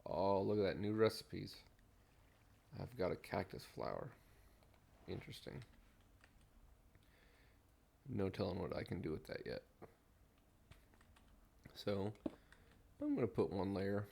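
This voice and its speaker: Low gravelly man musing while gaming. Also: lively intonation, slow pace, pauses often. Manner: mellow, rambling, hums absently while building. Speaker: streamer. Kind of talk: relaxed gameplay commentary.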